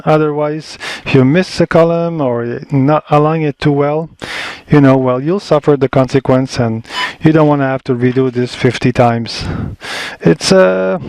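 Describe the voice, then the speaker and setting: A man's voice: fairly high pitch, a little mellow, clear, resonant tone, no echo. A man giving a casual step-by-step tutorial, thinking aloud as he works, picked up by a camera microphone in a small indoor workspace. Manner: thinking aloud, frequent restarts and fillers. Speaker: color management instructor. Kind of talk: casual screen-recorded tutorial.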